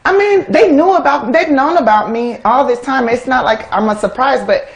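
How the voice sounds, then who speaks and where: Animated laughing American woman. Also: sits high, normal speed. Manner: animated, laughs often, acts out quoted voices. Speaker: interview guest. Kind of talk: casual interview talk.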